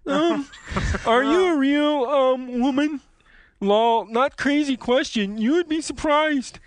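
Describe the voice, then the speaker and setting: Man playing a high, squeaky, flirty game master in a comic reading. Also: takes it slowly, no echo. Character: flirty male game master in text chat.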